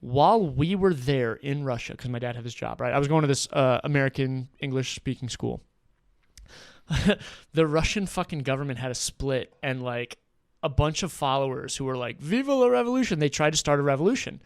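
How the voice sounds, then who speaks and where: A man's voice: mid-range voice, normal speed, dry recording, studio quality. A man in his thirties from Connecticut, a podcast guest telling loose, profane bar stories in casual chat. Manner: swearing storyteller who slips into character voices.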